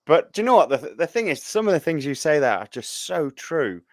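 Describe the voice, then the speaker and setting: A man's voice: fairly high pitch, very animated, a little fast, dry recording. A man hosting a podcast, talking casually and reflectively, often stumbling through false starts. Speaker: podcast host. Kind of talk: casual chat.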